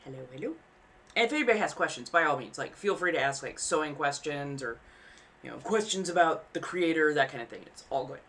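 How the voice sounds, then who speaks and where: A woman's voice: deep voice, lively intonation, fairly quick, a bit bright. A woman chatting casually on a live stream while she sews, rambling and frank, swearing freely and laughing at herself. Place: home apartment.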